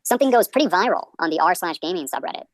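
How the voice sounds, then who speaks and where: A man's voice: high-pitched, expressive, racing, no echo. A male comedian in his twenties hosting a podcast, rambling through tangents in a self-deprecating way.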